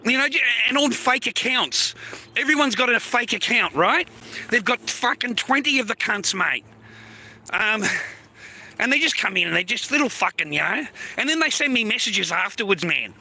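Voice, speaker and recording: A man venting on a live stream, cursing freely in a blunt, irritated rant. His voice sits high and sounds sharply bright and forceful. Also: animated, normal speed, gravelly. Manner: angry, heavy swearing, blunt. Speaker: livestreamer.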